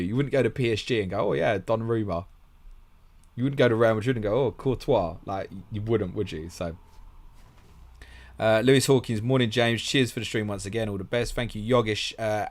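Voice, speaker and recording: Blunt low-voiced man reading comments. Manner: blunt, swearing, laughs often, reads comments aloud quickly. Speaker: host of a fantasy football stream. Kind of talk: casual live stream chat reading viewer questions.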